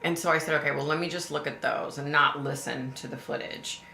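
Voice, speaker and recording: Female live-stream host, low tense voice, chatty and emphatic, echoey room. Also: fairly even intonation, fairly quick, creaky, sharp tone, slight background noise. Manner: chatty and emphatic, addresses viewers directly. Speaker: livestream host. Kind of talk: casual live-stream chat to viewers.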